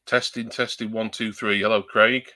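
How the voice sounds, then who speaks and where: Rambling man with a bright voice. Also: fairly low pitch, flat delivery, normal speed. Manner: rambling, chatty, self-deprecating, many ums. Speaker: livestreamer. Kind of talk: casual live-stream chat. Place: at home at a computer. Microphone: new desktop USB microphone.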